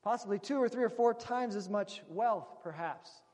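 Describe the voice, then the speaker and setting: Guy preaching, high voice, chatty storytelling, long echo like a big hall. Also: normal speed, a little mellow. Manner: conversational storytelling, addresses the audience as friends. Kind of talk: sermon. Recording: long reverb of a large hall.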